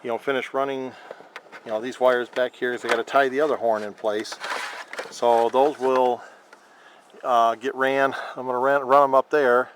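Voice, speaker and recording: A man filming a casual how-to vlog about his scooter, rambling and halting with lots of fillers. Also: medium pitch, level tone, background noise. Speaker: vlogger showing a scooter horn install.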